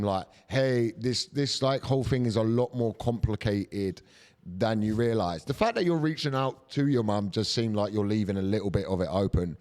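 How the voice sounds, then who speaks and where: A man's voice: mid-range voice, a little mellow. A man co-hosting a comedy podcast in casual chat, rambling and crude, slipping into silly voices for quotes. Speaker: podcast co-host. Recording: long hall reverb.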